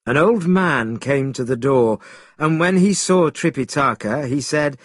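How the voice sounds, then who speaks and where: Guy reading a storybook, slow and husky, lively pitch, raised voice. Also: no echo, studio quality. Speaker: narrator.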